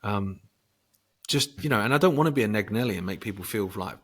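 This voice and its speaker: A man speaking as a guest in a casual conversation. He swears freely and breaks into bursts of loud emphasis. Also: fairly low pitch, lively intonation, brisk, husky. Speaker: podcast guest.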